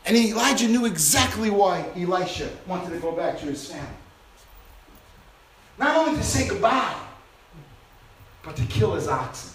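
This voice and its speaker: A man preaching a sermon to a responsive congregation, impassioned and swinging between loud exhortation and hushed intensity. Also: high-pitched, sing-song, normal speed, pauses often, a little hiss or hum. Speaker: pastor. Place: church sanctuary with congregation. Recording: roomy church reverb.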